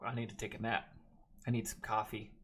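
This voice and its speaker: A man's voice: fairly low pitch, little pitch movement, a little fast, fairly bright tone, slightly rough. A man teaching a math class, working through steps aloud and cracking chatty jokes at his students in a classroom. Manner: joking, chatty asides between worked steps. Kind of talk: classroom lecture.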